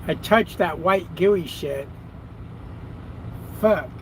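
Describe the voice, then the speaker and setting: Man, trucker, high-pitched voice, casual profane chatter, in his truck cab, faint road noise behind. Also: very slow, rough recording. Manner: profane, rambling, talks to viewers and his dog. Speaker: trucker streaming live. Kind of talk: casual live chat.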